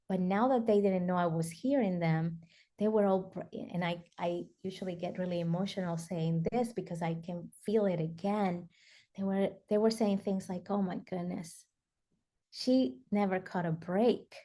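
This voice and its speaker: A woman's voice: fairly low pitch, normal speed, dark tone. A woman guest in an interview, telling a personal story earnestly with frequent fillers like "you know" and "like". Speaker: summit guest speaker.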